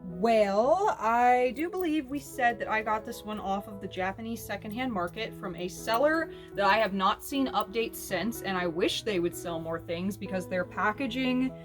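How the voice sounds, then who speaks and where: A woman chatting casually to camera as a fashion vlogger, animated and snarky, laughing often. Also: mid-range voice, normal speed, few pauses, over music.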